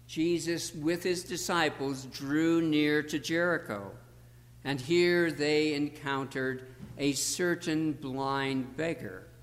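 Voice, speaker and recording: Slow, deliberate male preacher in a reverberant church. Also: on the high side, a bit bright. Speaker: pastor. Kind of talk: sermon.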